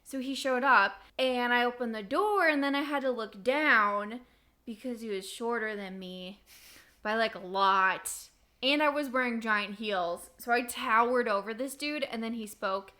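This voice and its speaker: Bright-voiced chatty young woman. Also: fairly high pitch, a little slow. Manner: chatty, animated storyteller. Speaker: podcast co-host. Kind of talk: casual storytelling chat.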